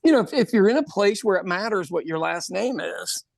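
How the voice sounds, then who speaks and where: A man's voice: sits high, animated, fairly quick, creaky, no echo, clean studio sound. A man from Ireland co-hosting a podcast in casual chat, laughing often and repeating words as he starts. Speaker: podcast co-host.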